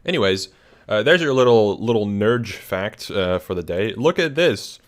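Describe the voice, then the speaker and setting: A man's voice: fairly low pitch, moderate pace. Tired, rambling young man. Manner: relaxed, rambling, many fillers and restarts. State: yawning, tired. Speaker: channel host. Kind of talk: casual screen-share recap.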